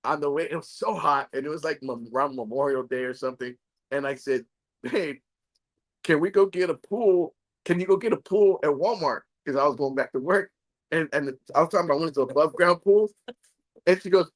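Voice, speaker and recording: A man hosting a casual live chat in a restaurant, telling animated stories and acting out the voices of the people in them. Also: fairly high pitch, a little fast, dry recording. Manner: animated storyteller, acts out voices in anecdotes. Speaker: show host.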